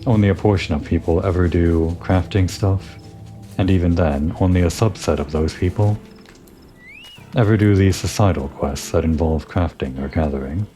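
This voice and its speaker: A man's voice: low voice, normal speed, mellow, faint music behind. A man giving casual, rambling commentary over gameplay. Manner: rambling, musing asides.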